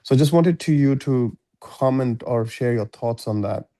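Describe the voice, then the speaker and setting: A man from the audience asking a question in a halting way. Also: mid-range voice, warm tone, dry recording. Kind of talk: casual question.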